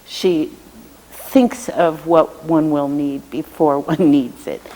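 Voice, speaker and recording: A woman legislator and committee chair giving measured, thoughtful answers in a televised interview, often pausing with fillers. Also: low voice, steady tone, warm tone. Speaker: state representative and committee chair. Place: state house studio. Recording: reverberant room with long echo.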